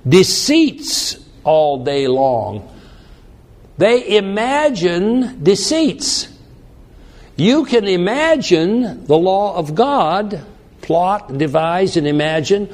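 Slow, deliberate male bible teacher. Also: a little high. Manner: unhurried, reads scripture aloud then explains, frequent restarts. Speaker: preacher.

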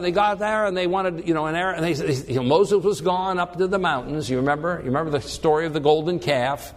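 A man teaching a Bible passage in a conversational sermon, acting out the people's complaints with lively emphasis. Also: a little high, quick pace, hardly any pauses, in a large hall. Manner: animated, acts out the people's complaints. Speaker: preacher.

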